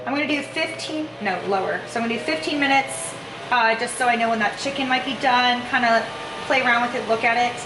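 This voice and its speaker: Fairly quick and a little high, this young woman's voice narrates a loose cooking and food-tracking vlog from her kitchen, heavy on "um" and "kinda." She's a fitness vlogger, and the echoey space has a noisy background with faint ambience.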